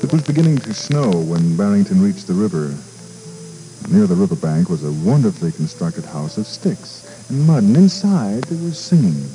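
A man, a radio DJ, reading a storybook aloud in a gentle, unhurried way, with fillers and small asides. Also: low voice, lively intonation, soft background music, rough recording.

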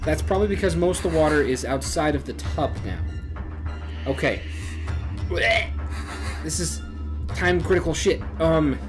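A woman livestreamer giving casual commentary on her gameplay. She is wry and swears freely, and her lowish voice moves expressively up and down. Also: expressive, unhurried, pauses often, music in the background.

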